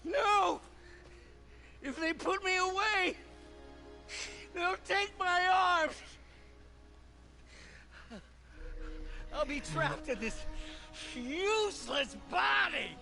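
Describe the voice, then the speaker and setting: An actor playing a desperate, unstable aging scientist villain who pleads, then shouts. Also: male voice, very high-pitched, animated, takes it slowly, gravelly, pauses often, faint music behind, heavily acted. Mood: panicked. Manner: pleading, swinging between whispers and shouts.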